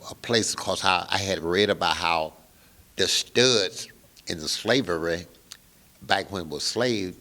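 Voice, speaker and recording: Older male musician guest, very low and gravelly voice, lively storyteller. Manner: animated storyteller who acts out the other people's lines. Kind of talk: storytelling interview.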